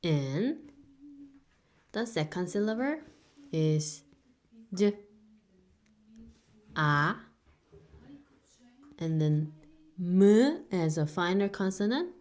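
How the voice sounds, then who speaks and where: A woman's voice: lowish voice, very animated, slow pace, long pauses, mellow. A woman teaching a beginner language lesson, a native Korean speaker who patiently repeats each sound several times for learners.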